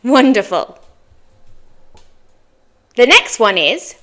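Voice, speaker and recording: A woman teaching English pronunciation, slowly modelling phrases for listeners to repeat. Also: high-pitched, very animated, bright, forceful tone. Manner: slow, clear modelling of phrases for repetition.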